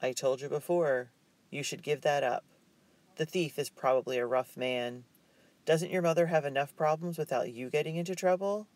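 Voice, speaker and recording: Baptiste, a man voicing a gentle worried young man. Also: on the high side, moderate pace, no echo, lightly acted. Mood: concerned. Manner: gentle, concerned.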